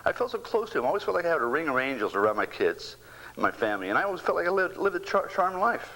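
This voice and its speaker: A man in his sixties, a bereaved father, giving a halting personal faith testimony that keeps repeating words and slips into whispers. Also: on the high side, sing-song, sharp tone, rough recording.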